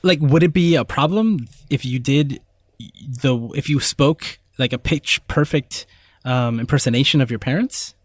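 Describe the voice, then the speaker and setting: A man's voice: mid-range voice, a little slow, no room sound. Thoughtful man in dry podcast chat. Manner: thoughtful, full of "like" fillers. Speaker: podcast co-host. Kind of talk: casual chat.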